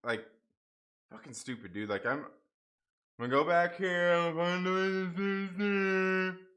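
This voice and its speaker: A man's voice: sits high, a little slow, a bit bright. A young man hosting a casual livestream, swearing and grumbling about a technical mix-up while reading out viewer chat. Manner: frustrated, swearing, laughing off a stream mix-up. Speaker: livestream host.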